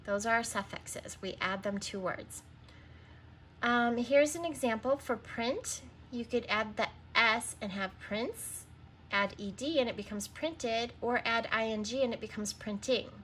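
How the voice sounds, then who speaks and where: A woman's voice: on the high side, measured pace, fairly bright tone, slight background noise. A woman teaching a recorded reading lesson to young children, sounding out words, spelling them letter by letter and patiently prompting answers.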